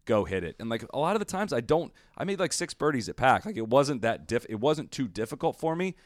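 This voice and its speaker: A man's voice: mid-range voice, very animated, no room sound, studio quality. A man co-hosting a golf podcast, giving strong opinions in casual chat with lots of fillers. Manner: opinionated, talks in quick bursts with many fillers. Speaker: podcast co-host.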